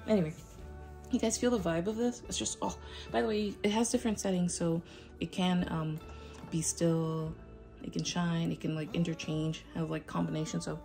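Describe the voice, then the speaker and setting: A woman's voice: on the low side, steady tone, normal speed, vocal fry, darkish tone, soft background music. A woman vlogger chatting to camera at home in a rambling, enthusiastic way. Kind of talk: casual chat to camera. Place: at home indoors.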